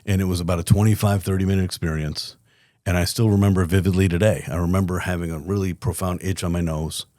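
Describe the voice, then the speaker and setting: Deep-voiced man telling a lively story. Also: quick pace, no echo, studio quality. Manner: lively, candid storyteller, blunt and profane. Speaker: company CEO guest. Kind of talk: storytelling in a podcast interview.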